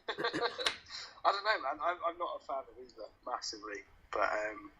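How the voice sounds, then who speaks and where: A man's voice: medium pitch, very animated, measured pace, bright, forceful tone, lo-fi sound. A man co-hosting a radio show, laid-back and wry, laughing easily. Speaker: radio co-host. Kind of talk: casual chat.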